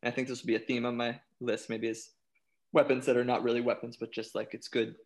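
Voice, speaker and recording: A man chatting casually on a podcast, animated, often restarting his sentences and laughing. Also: medium pitch, quick pace, creaky. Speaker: panelist.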